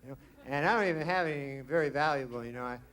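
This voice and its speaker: A man doing stand-up comedy in a deadpan, rambling way, full of trailing asides. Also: medium pitch, racing. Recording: noisy live stand-up recording.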